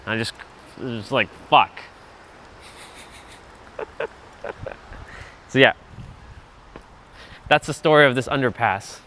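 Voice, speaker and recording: A man's voice: mid-range voice, slow, long pauses, pushed and bright, a little hiss or hum. A man livestreaming as he walks outdoors on a trail, telling stories in a loose, chatty, profane way and laughing often. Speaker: vlogger livestreaming a walk. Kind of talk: casual rambling storytelling.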